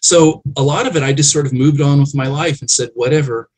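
A man's voice: a little high, fairly quick, darkish tone, slight background noise, poor audio. A man, a guest on an interview show, telling reflective and emotional family stories in a conversational way.

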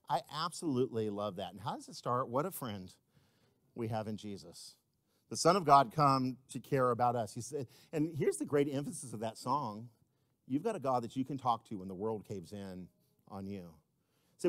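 A man preaching a sermon as pastor, swinging between loud emphatic repetition and quiet, intimate asides. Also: mid-range voice, animated, moderate pace, dry recording, clean studio sound. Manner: repeats key words for emphasis.

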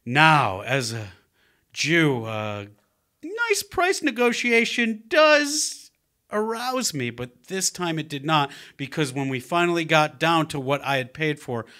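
A man playing a pompous, overly formal character in a comedic bit, with a drawn-out theatrical delivery. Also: a little high, very animated, pushed and bright, full character voice. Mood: smug.

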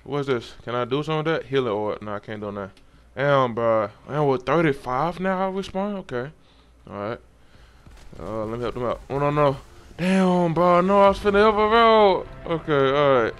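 A young man giving loose, profane, excitable commentary while playing a game. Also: a little high, moderate pace, smooth. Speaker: gamer. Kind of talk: casual gameplay commentary.

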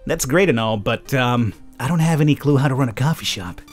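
A man hosting a let's play, commenting on a game in an animated, joking way and laughing often. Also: medium pitch, fairly quick, soft background music. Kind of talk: gameplay commentary.

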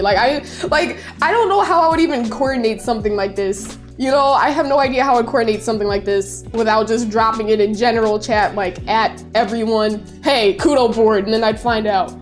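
A young woman in her twenties streaming and reading viewer messages aloud in a bubbly, gushing way. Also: on the high side. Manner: bubbly, gushing, squeals and laughs. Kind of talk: casual livestream chat, reading viewer messages.

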